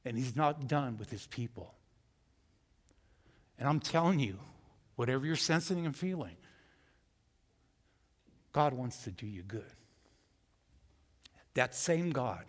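A man preaching a sermon who acts out voices and swings from loud to hushed. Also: medium pitch, expressive, slow pace, pauses often, in a large hall. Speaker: pastor. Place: church.

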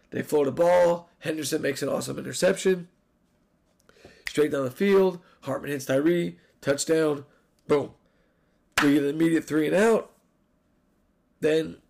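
A man hosting a solo sports podcast, recapping a college football game with animated, profane rants. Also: on the high side, normal speed, creaky, pauses often. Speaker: podcast host.

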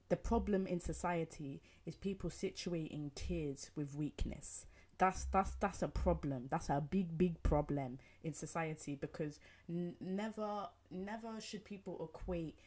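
A woman's voice: sits low, a little mellow. A young woman giving an emphatic opinion monologue, repeating herself and asking rhetorical questions. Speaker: commentator.

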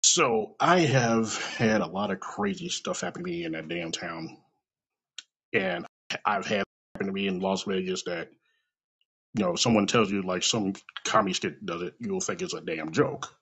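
A man's voice: sits low, big pitch swings, moderate pace, a bit bright, slightly rough, poor audio. A man telling a comedic personal story in a casual, profane, self-deprecating way.

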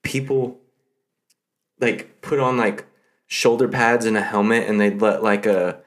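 A man's voice: on the low side, flat delivery, unhurried. A young man co-hosting a casual podcast chat, speaking in a laid-back way with plenty of filler words. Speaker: podcast co-host.

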